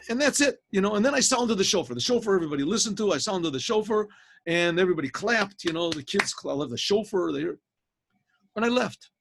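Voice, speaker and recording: Male rabbi storyteller, a little high and husky, animated and rambling. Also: a little fast. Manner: animated teller, frequent throat clearing and restarts. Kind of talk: spoken storytelling to a class. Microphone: video call.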